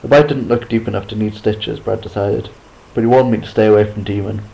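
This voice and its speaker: A man reading a chapter book aloud at a steady pace, sometimes restarting a line after a slip. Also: lowish voice, fairly quick, gravelly, rough recording. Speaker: reader. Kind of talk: amateur audiobook reading.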